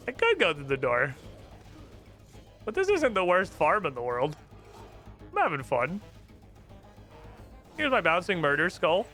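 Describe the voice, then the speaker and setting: Streaming a fantasy game over its music, a young man speaks slowly with frequent pauses, his high, bright and forceful voice swooping wildly in pitch. The commentary is casual and playful, full of jokes and casual profanity.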